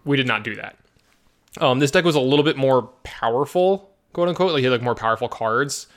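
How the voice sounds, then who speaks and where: A man's voice: medium pitch, brisk. A man chatting casually and telling stories, acting out quotes from others. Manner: animated storyteller, acts out quotes. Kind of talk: casual chat about card games.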